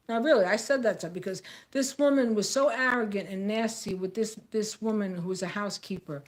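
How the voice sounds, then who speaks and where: A woman's voice: mid-range voice, fairly quick, hardly any pauses. An American woman talking straight to camera in a blunt, outspoken rant, repeating phrases for emphasis. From United States. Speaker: vlogger.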